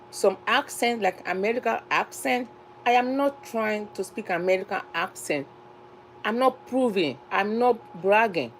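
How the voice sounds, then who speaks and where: A Nigerian woman speaks straight to her viewers in an earnest, repetitive way, circling back and restarting her sentences as she makes her point. Her voice sits at an ordinary middle pitch. A faint hum runs underneath the recording. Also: a little mellow, rough recording. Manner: earnest, repeats herself, restarts phrases. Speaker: cooking channel host. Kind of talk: casual talk to camera.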